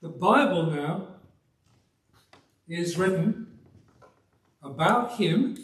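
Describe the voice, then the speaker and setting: An older English preacher from the Black Country in the West Midlands gives a folksy, emphatic sermon in a softened local accent, speaking extremely slowly with lively intonation and small chuckles. His voice is a bit higher than most men's, captured from a distance in a roomy church hall.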